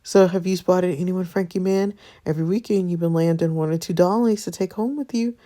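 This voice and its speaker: A woman's voice: fairly low pitch, brisk, mellow, voice pushed up, lightly acted. A woman voicing a cocky, teasing teenage greaser boy in a story game.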